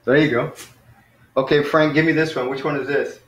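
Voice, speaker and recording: A man's voice: fairly high pitch, fairly even intonation, fairly quick, fairly bright tone, highs cut off. Rambling male teacher in an echoey room. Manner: rambling, lots of fillers and self-corrections. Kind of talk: informal online language class.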